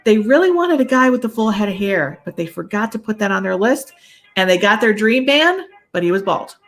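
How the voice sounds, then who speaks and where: A woman's voice: medium pitch, very animated, a little fast, soft background music. Chatty woman host telling stories. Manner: chatty storyteller, acts out quotes. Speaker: podcast host and medium. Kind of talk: casual chat.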